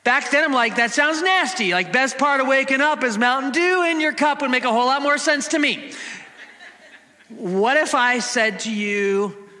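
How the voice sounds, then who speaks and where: A man's voice: very high-pitched, moderate pace, bright, forceful tone. A man in his forties preaching a sermon in a playful way, bursting into bits of jingles for the congregation. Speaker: pastor. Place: church sanctuary. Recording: long church hall reverb.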